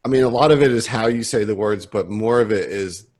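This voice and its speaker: A man hosting a casual chat with fellow game masters, chatty and quick to laugh, hurrying along when time runs short. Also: fairly low pitch, darkish tone. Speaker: podcast host asking the questions.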